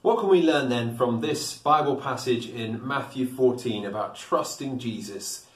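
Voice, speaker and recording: Earnest preacher in an echoey church. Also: male voice, medium pitch, measured pace. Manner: earnest, explanatory, reflective. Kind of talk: sermon. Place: church building. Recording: echoey church, distant mic.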